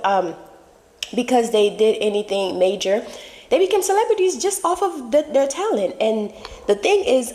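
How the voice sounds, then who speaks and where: A woman's voice: fairly high pitch, a little mellow, big-room sound. A woman hosting her channel, talking casually and emphatically in a rambling way while she is losing her voice. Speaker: channel host. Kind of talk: casual commentary.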